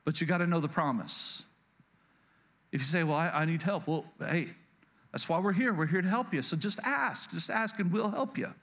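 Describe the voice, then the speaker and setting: A man with a fairly high voice preaching a sermon to his congregation. He stumbles and restarts often, repeats his key phrases, and keeps calling out to everyone in the room. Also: expressive, moderate pace, a bit bright. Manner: repetitive, stammering restarts, addresses congregation directly. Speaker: pastor.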